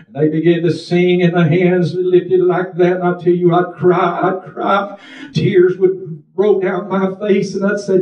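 An older man preaching a fervent testimony sermon, shouting hallelujahs and whooping between stretches of storytelling. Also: high-pitched, level tone, measured pace, lo-fi sound. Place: church sanctuary. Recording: echoey church from far off.

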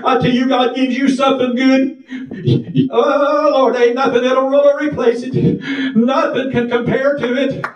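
An older man preaching a fervent testimony sermon, shouting hallelujahs and whooping between stretches of storytelling. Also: extremely high pitch, little pitch movement, unhurried, lo-fi sound. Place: church sanctuary. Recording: echoey church from far off.

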